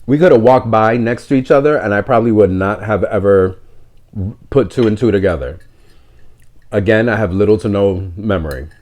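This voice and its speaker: A middle-aged man from New tells a personal story in a relaxed monologue. His voice sits on the low side comes through as he rambles candidly with fillers. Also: normal speed, muffled recording. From New York City. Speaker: podcast host.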